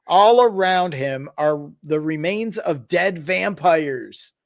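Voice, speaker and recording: A man's voice: on the high side, animated, takes it slowly, gravelly. A man hosting a podcast, casually telling a tabletop horror story with wry asides and explanations. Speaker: podcast host.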